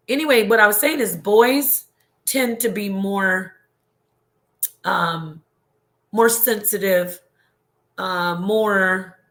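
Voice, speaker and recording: A woman chats casually on her livestream in a voice of ordinary pitch for a woman. She rambles and gets emotional, laughing and restarting as she reads comments and answers them. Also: fairly bright tone. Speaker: livestream host reading viewer comments.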